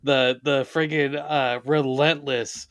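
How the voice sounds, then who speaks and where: Guy tossing in quick jokes on a movie podcast, mid pitch, dry mic. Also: level tone, a bit bright, no echo. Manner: quick quips, laughs a lot. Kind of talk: casual movie chat.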